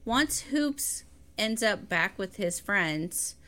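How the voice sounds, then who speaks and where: A woman's voice: medium pitch, slow pace. A woman in a casual chat about a movie, filling in and correcting plot points. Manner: lively, corrects and fills in plot details.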